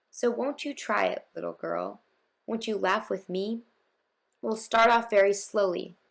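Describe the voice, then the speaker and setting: Storybook figure: a woman doing a soft-spoken, hopeful jester, a touch gravelly. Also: medium pitch. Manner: gentle and coaxing. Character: kind, hopeful male court jester.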